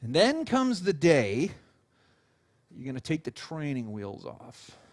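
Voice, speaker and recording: A male pastor preaching a sermon in an animated storytelling way, with casual fillers and restarts. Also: on the high side, slow pace. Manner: animated storytelling, acting out quotes.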